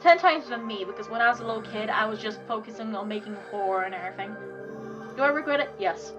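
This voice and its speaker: A young woman with a high, light voice chats loosely and keeps wandering off topic, talking half to herself. Music plays clearly underneath her the whole time. It is a relaxed streamer ramble, not a prepared script. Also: quick pace, low-quality recording. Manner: rambling, easily sidetracked, chatty. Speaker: streamer chatting while drawing. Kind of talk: casual rambling chat.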